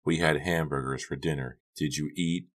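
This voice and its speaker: A man voicing a quiet, low-key teenage boy in an audiobook. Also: steady tone, moderate pace. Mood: calm. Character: laid-back teenage boy, soft-spoken. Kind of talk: audiobook character voice.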